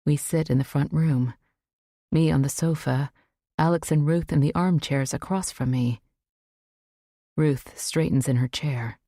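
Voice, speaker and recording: A woman narrating a suspense audiobook in the first person, in a measured, tense way. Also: low-pitched, dark tone, dry recording, studio quality.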